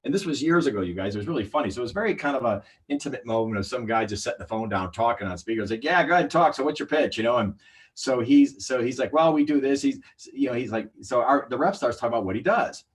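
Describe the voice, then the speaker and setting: A middle-aged man, a sales trainer, telling a story on a livestream in an animated way and acting out the voices of the people in it. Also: medium pitch, fast talker. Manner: animated, acts out quoted voices.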